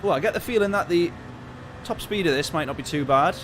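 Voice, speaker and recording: A man streaming a racing game, telling a story in a ranting, exasperated way with sudden loud outbursts. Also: on the high side, lively intonation, fairly quick, background noise. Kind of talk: casual live-stream chat.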